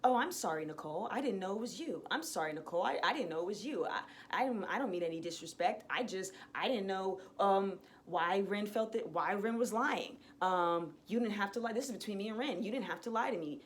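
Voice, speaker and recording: A woman voicing a young female assistant who is nervous and apologetic and stammers through halting apologies. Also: mid-range voice, expressive, close to an everyday voice. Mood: pleading.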